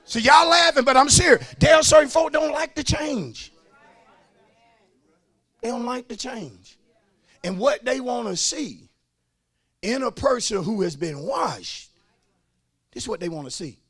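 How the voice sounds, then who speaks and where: A man preaching a sermon as pastor, shouting and half-singing his lines, calling out to the congregation. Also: extremely high pitch, animated, unhurried, long pauses, husky.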